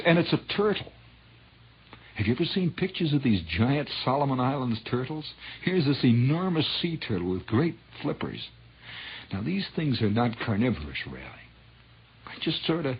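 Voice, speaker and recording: A man telling a dramatic true story on old radio, dropping to hushed whispers and rising to loud swells. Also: mid-range voice, breathy edge. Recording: dull lo-fi 1960s radio recording.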